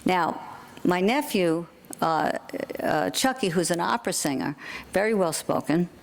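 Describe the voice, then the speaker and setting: A woman's voice: on the low side, animated, a little slow, creaky, slight background noise. An older woman from Queens with a New York accent, giving a comedic keynote speech, wry and self-deprecating, building to punchlines. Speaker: keynote speaker. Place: convention hall stage.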